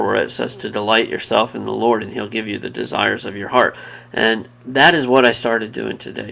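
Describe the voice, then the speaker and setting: A man giving an earnest, reflective personal devotional talk, pausing and restarting mid-thought. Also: mid-range voice, creaky, a bit bright. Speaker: devotional video speaker.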